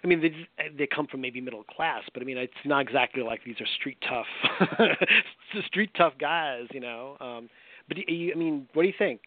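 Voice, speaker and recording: A man's voice: medium pitch, moderate pace, no echo. A man hosting a casual sports talk show, laughing often and restarting his words. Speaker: podcast host. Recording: tinny phone-line sound, dry.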